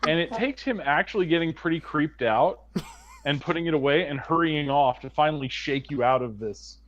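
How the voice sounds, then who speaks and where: A man narrating as game master of a tabletop role-playing game, playful and quick to laugh. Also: a little high, a bit bright, dull audio, a little hiss or hum.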